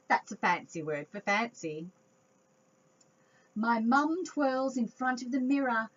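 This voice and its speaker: A woman reading a picture book aloud to young children, expressive and chatty with her listeners. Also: on the high side, slow, long pauses. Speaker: children's storytime reader. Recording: dull lo-fi home recording.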